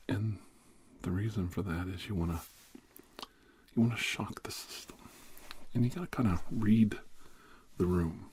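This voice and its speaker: A middle-aged man plays a therapist in a whispered role-play. His voice sits very low and moves at an unhurried, slow pace. He rambles casually and keeps slipping from a relaxed speaking voice into soft whispers. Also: background noise.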